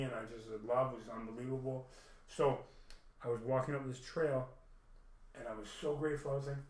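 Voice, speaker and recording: Guy rambling and swearing thru a personal story, middle pitch, roomy echo. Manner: rambling, repeats himself, swears.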